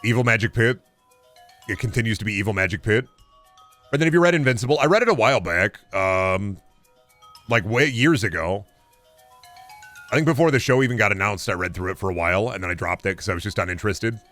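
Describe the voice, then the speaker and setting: A man's voice: fairly low pitch, fairly quick, pauses often, faint music behind. A young man streaming a game, chatting casually and ranting with plenty of swearing. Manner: animated, profane ranting. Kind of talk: casual chat while gaming.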